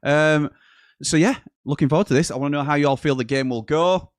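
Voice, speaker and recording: A man hosting a football watch-along, chatting casually and rambling while deliberately putting on an exaggerated Welsh accent. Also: a little high, dry recording, studio quality. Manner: chatty, rambling, self-correcting. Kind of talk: casual live-stream chat.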